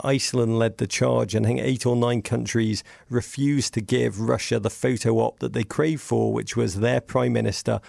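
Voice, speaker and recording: A man talks as a podcast guest, spinning wry, meandering anecdotes with sarcastic asides. His voice sits mid-range and is thick with gravelly fry. The sound is close and dry. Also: medium pitch, darkish tone, no echo. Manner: witty, digressive storytelling with sarcastic asides. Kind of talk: casual podcast conversation.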